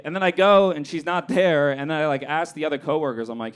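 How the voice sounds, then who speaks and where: A young man performing a stand-up comedy set on a club stage, acting out his own lines in an animated way. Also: a little high, quick pace, few pauses, clear, resonant tone.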